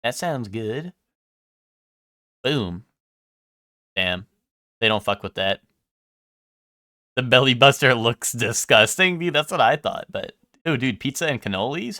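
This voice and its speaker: A young man streaming live and chatting casually with his viewers, rambling, swearing freely and filling pauses with "um". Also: medium pitch, sharp tone, no echo, clean studio sound. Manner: rambling, swears a lot, full of ums.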